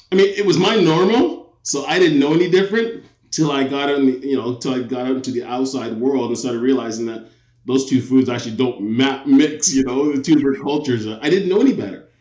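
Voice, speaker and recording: A man's voice: medium pitch, a little mellow. Canadian man in an echoey room. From born in England, raised in Toronto, Canada. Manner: reflective storyteller, frequent restarts. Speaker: guest, retired police officer. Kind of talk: casual interview talk. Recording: echoey, dull remote audio.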